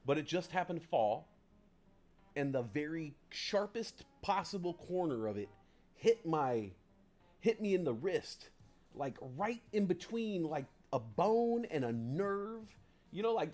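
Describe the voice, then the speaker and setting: A man hosting a relaxed livestream, rambling and self-deprecating as he chats with viewers. His voice sits a little high for a man. He is close on a desk mic indoors, with faint music underneath. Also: moderate pace. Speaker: livestream host. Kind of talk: casual livestream chat.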